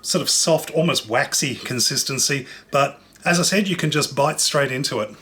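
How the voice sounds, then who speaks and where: A man's voice: mid-range voice, normal speed, pushed and bright, slight background noise. A man hosting a casual cooking show, chatting enthusiastically as he tastes and describes fruit. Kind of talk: casual food demonstration.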